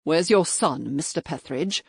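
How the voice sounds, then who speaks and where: A woman voicing a stern male major and magistrate who talks in clipped, threatening, quietly forceful lines. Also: deep voice, animated, normal speed, gravelly, breathy edge, no room sound, studio quality, exaggerated voice.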